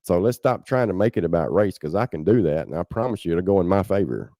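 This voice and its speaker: Deep-voiced impassioned Southern man. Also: lively intonation, fast talker, warm tone, no echo, studio quality. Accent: Southern American. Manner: impassioned, blunt, keeps saying "man". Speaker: podcast host. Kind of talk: casual livestream commentary.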